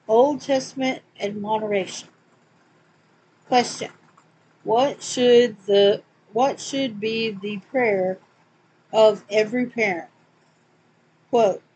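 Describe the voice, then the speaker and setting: A woman with a Southern accent, reading Bible questions and verses aloud slowly, with small slips and asides. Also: fairly high pitch, darkish tone, a little hiss or hum, rough recording. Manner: slow and deliberate, reads quotes slowly with small slips and asides. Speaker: Bible study reader.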